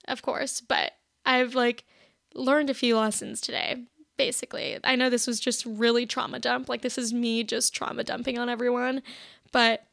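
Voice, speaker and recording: A young woman talks through a personal story on her podcast. Her voice sits high and runs into gravelly fry, and she keeps saying "like" as she acts out what she said back then. It is recorded close on a dry mic with no room around it. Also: a bit bright, no room sound. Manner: chatty, heavy "like" filler, acts out her own past lines. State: shaky, emotional. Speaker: podcast host. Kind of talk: casual confessional monologue.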